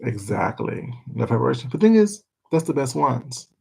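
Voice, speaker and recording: A man's voice: medium pitch, sing-song, moderate pace, vocal fry, mellow, breathy edge, rough recording. A man chatting casually with his viewers on a stream, rambling, laughing and swearing freely. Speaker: livestreamer.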